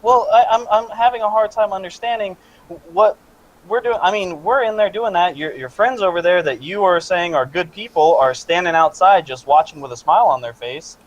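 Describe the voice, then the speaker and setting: A high-pitched man arguing in character at a tabletop game session. He sounds indignant and confrontational, stumbling over his words as he pushes back. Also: normal speed, dull audio. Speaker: player.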